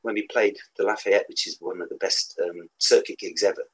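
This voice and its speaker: Older midlands bloke, low husky voice, rambly storytelling. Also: male voice, steady tone, a little fast, fairly bright tone, poor audio. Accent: West Midlands English. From England. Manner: rambling anecdotes with laughs and restarts. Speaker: interview guest, musician. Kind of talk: casual storytelling.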